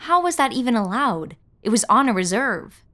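A woman reading a first-person audio story as narrator, in a measured, wry storytelling manner. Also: fairly high pitch, sing-song, fairly bright tone.

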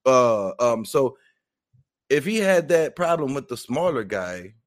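A man's voice: medium pitch, very animated, slow, no room sound, clean studio sound. A man co-hosting a casual boxing talk show, giving blunt, opinionated takes. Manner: opinionated, frank, with restarts.

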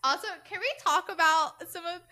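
A young woman co-hosts a casual podcast, telling stories with excitement and frequent laughter. Her voice is high and very bright. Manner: excited, laughing often, quick storytelling. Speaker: podcast co-host. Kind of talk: casual chat.

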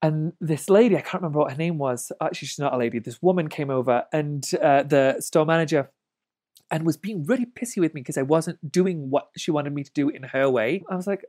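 A woman in her late thirties telling stories as an interview guest, animated, laughing often and swearing freely. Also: low-pitched, quick pace. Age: late 30s. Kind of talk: casual storytelling.

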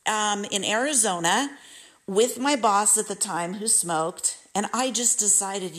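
Slow-talking woman telling her story. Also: mid-range voice, a bit bright. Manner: candid, confiding, addresses viewers directly. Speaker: vlogger. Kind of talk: personal storytelling to camera.

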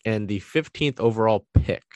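A man's voice: on the low side, moderate pace, darkish tone, dry recording. A man giving a casual solo recap of soccer trades, talking through his thoughts with frequent ums and uhs. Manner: conversational, frequent ums and uhs, thinking aloud.

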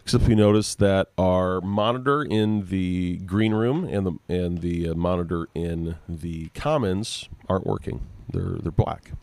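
A man's voice: low voice, measured pace, hardly any pauses, a little mellow. A man co-hosting a podcast from home over the internet, just woken up and rambling as he hunts for words in casual chat. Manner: rambling, sleepy, searching for words. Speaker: podcast co-host and guitar effects artist. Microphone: joining over the internet.

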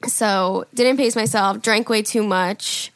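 A woman's voice: slow, dry recording, clean studio sound. A woman in her twenties co-hosting a podcast, chatting casually and animatedly acting out her own stories. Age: 20s. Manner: animated storyteller, acts out her drunk self in a loud high voice. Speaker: podcast co-host. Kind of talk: casual chat.

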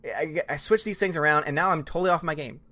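A young man hosting a live stream, chatting casually and reading out viewer comments in a rambling, animated way. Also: a little high, quick pace. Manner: rambling, animated, frequent restarts and laughs.

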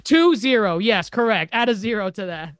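A co-host in a casual movie review chat, speaking in a relaxed way with hesitant fillers and bits of laughter between words. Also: mid-range voice, moderate pace, no room sound, studio quality. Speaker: podcast co-host.

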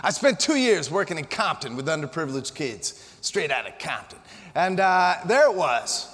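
An American man in his forties giving a humorous, energetic motivational keynote to a live audience, telling punchy, joking stories. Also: fairly high pitch, moderate pace. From Colorado, USA. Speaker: motivational speaker. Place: conference hall before an audience. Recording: long reverb of a conference hall.

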